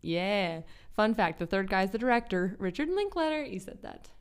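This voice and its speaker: Woman in her 30s, mid-pitched, eager podcast co-host, laughs easily. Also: very animated, normal speed, smooth. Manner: enthusiastic, laughs often, reads quiz questions. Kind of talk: casual chat.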